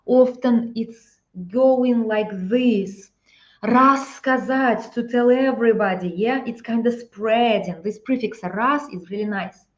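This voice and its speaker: A woman with a Russian accent teaching a live-stream lesson, explaining slowly, repeating phrases and checking in with "yeah?". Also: fairly high pitch, lo-fi sound.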